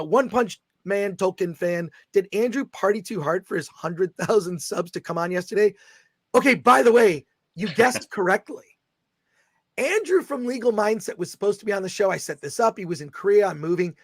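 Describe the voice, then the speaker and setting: A middle-aged man hosting a casual livestream chat, excitably reading viewer comments aloud. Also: high voice, no room sound. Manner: excitable, reads viewer super chats aloud. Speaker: host.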